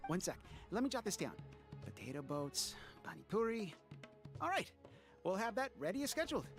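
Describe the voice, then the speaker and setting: A man's voice: high voice, big pitch swings, normal speed, creaky, fairly bright tone, faint music behind, exaggerated voice. A man voicing a polite, friendly male market vendor in a video game. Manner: polite, accommodating.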